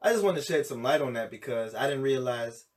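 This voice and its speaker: A man co-hosting a podcast in casual chat, animated and laughing often, jumping into high squealing impressions. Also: a little fast. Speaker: podcast co-host. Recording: distant mic with faint noise.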